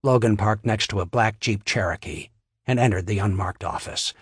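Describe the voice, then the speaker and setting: A man narrating a crime novel in a steady, wry storytelling manner on a close studio mic. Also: on the low side, moderate pace, breathy edge, no echo. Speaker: audiobook narrator. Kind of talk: scripted narration.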